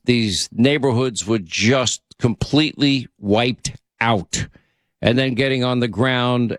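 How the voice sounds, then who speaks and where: A male radio host talks in a relaxed, rambling way, trading easy banter with callers. His voice sits in a middle pitch and sounds close and dry, with no room around it. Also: no echo. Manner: chatty, rambling and friendly with callers. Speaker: radio talk show host. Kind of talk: casual call-in radio chat.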